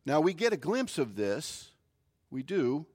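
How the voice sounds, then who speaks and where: A male pastor preaching a sermon, opening with a folksy, animated story. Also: fairly high pitch, measured pace, husky.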